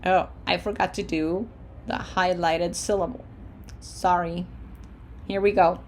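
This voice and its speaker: A woman teaching Spanish verb endings, drilling each form slowly and encouraging her students. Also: fairly low pitch, steady tone, a little mellow, a little hiss or hum. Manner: slow, deliberate drill pronunciation with encouraging asides. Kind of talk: language lesson.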